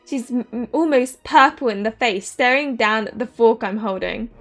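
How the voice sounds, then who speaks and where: A woman in her thirties, excitably reading a visual novel aloud and reacting with giggles. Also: a little high, moderate pace, faint music behind. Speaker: game streamer.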